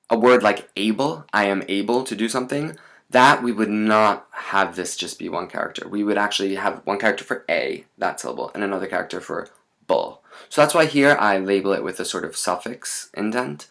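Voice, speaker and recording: Low-voiced man teaching casually. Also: gravelly. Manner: relaxed, chatty, with many fillers and asides.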